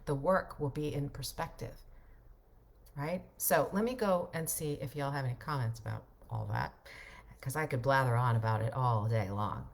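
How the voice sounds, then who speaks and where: A middle-aged woman who coaches voiceover chats casually on a livestream, reading viewer comments aloud. Her low-sitting voice wanders in a reflective, rambling way.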